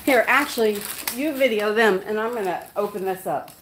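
A woman's voice: medium pitch, normal speed, fairly bright tone, a little hiss or hum, low-quality recording. A woman hosting a casual live stream, gushing and cooing in a sing-song way at her dogs as she opens gifts. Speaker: pet channel host.

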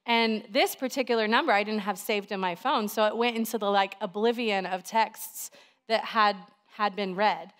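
A woman in her thirties, a pastor, preaching a sermon in a chatty, animated storytelling way with lots of fillers. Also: mid-range voice, moderate pace.

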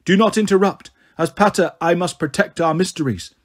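A man's voice: sits high, brisk. Man putting on a pompous old ghost priest. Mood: indignant.

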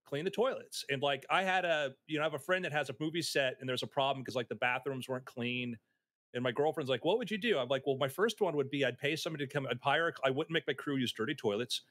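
A man telling anecdotes in a casual chat, animated and acting out the voices of people in his stories. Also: mid-range voice, fast talker, no echo. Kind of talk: casual storytelling.

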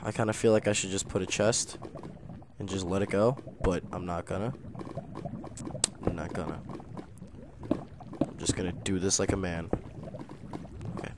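A man's voice: sits low, normal speed, pauses often, very noisy. Jumpy young man narrating his gameplay. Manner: nervous, excitable, swings between mutters and loud exclamations. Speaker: gaming YouTuber. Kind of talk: let's play commentary.

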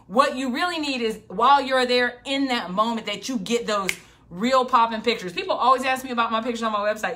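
A middle-aged woman business coach giving an animated, emphatic motivational talk, hammering her points with repetition. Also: a little high. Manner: emphatic, animated, repeats for punch.

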